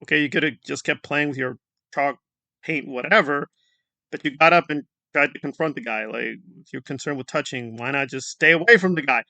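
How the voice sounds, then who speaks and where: High bright mocking male commentator. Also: brisk, gravelly, no echo. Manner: mocking, scoffing, rambling asides. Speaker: commentary channel host. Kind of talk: sarcastic online commentary.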